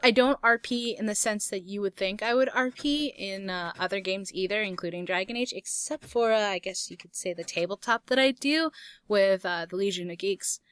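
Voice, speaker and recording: A woman's voice: medium pitch, normal speed, a bit bright, clear, resonant tone, no room sound. A young woman hosting a casual gaming Q&A, reading viewer questions aloud and answering in a chatty way with frequent laughs. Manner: chatty, laughs often, swears lightly. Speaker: YouTube gaming host.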